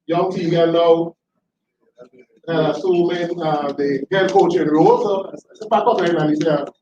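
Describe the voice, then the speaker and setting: A man telling animated, laughing anecdotes in a tribute speech. He often repeats himself as he talks. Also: fairly high pitch, measured pace, background noise. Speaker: tribute speaker, former school educator. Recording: roomy, distant, dull hall recording.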